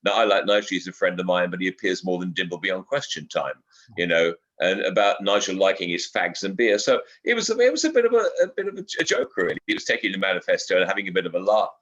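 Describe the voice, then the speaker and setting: An older man, a guest speaking in casual interview chat. He rambles, repeating words and filling pauses as he goes. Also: sits low, sing-song, a bit bright. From England. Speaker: guest broadcaster. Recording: slightly dull lo-fi audio.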